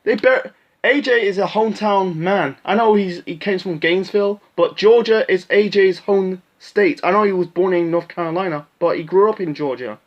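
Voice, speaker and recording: Profane, high-voiced man ranting casually. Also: normal speed, muffled recording. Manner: blunt, profane, frequent fillers. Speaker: wrestling commentator. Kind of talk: casual show recap rant.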